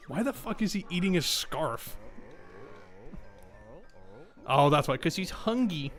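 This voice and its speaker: Lively, joking male game streamer. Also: a little high, a little fast, few pauses, faint music behind. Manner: joking, swears freely, reads game dialogue in silly voices. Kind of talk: casual gameplay commentary.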